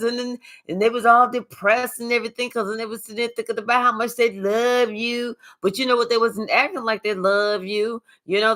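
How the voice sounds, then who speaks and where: A woman doing a live tarot reading, talking in a sassy, profane, animated way and chatting with her viewers. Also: a little high. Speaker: tarot reader.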